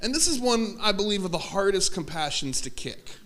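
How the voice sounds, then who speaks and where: An energetic man speaks at a campus ministry workshop, his voice high and bright. He talks with a joking, animated manner and laughs often between points. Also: a little fast. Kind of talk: lively workshop talk.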